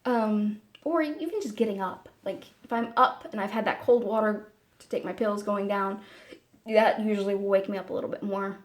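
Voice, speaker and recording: A woman talking casually to camera in a personal vlog, meandering and halting, with many fillers and restarts. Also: medium pitch. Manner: soft and candid. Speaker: vlogger.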